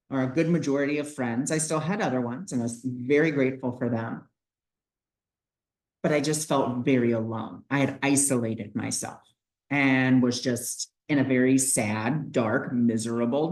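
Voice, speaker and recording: A man's voice: medium pitch, darkish tone, low-quality recording. A man talking casually in a spiritual vlog, telling a personal story earnestly, with lots of "like" and "you know". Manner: personal storytelling with many fillers. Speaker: spiritual video creator.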